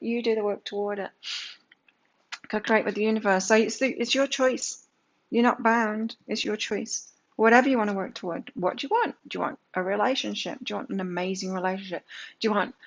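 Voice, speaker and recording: A woman's voice: medium pitch, vocal fry. A woman giving a daily tarot energy reading, talking emphatically with lots of rhetorical questions. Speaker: tarot reader. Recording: slightly dull lo-fi sound.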